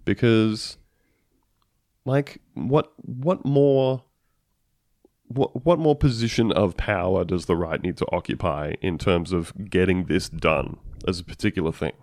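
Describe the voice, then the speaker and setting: A man co-hosting a casual political chat, animated and sarcastic, acting out quotes as he goes. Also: sits low, unhurried, no room sound, studio quality.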